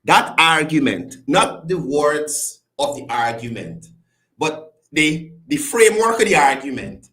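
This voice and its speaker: Greeting viewers by name, a chatty host runs a casual call-in style commentary show with a lively rising and falling delivery. His voice is on the high side and measured in pace, with a roomy sound.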